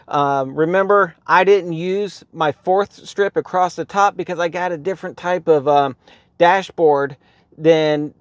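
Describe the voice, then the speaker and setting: A man with a slightly higher voice, chatting his way through a how-to vlog from inside his car. He rambles along easily, dropping plenty of "um"s and pointing things out "right here" as he goes. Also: no echo. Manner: rambling, relaxed, lots of ums and "right here". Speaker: car vlogger.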